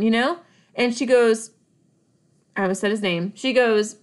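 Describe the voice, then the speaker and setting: A podcast co-host with a fairly high voice and moderate pace tells a personal story. She's emphatic and dramatic, full of asides, and laughs often as she talks.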